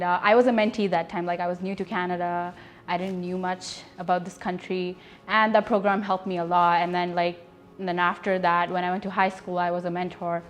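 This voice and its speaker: A young woman, a scholarship winner, giving a casual testimonial full of fillers. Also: on the low side.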